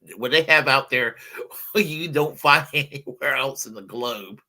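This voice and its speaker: Bright, hesitant male co-host. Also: medium pitch, a little slow. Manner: hesitant, with many restarts. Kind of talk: casual political chat.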